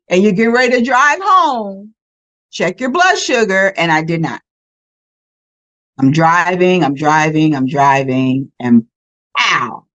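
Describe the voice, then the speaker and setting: Animated woman in her fifties. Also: medium pitch, rough recording. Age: 50s. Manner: animated storyteller who repeats words for emphasis. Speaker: guest. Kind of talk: casual conversation.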